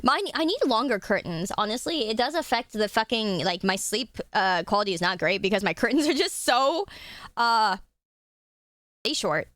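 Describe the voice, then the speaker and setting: A woman's voice: on the high side, very animated, moderate pace, fairly bright tone, no room sound, clean studio sound. A woman streaming live, chatting casually and giggling often, with a casual habit of swearing.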